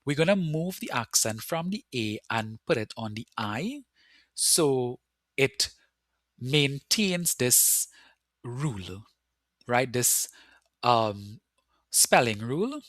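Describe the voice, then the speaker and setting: A man talks through a recorded Spanish lesson, patiently taking each rule in turn and slowing down to spell out the example words. His voice sits at an ordinary middle pitch. The recording is close and dry, with no room sound around it. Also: big pitch swings, fairly bright tone, no room sound. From Caribbean. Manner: patient, explains step by step and slows to spell out words. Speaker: Spanish teacher.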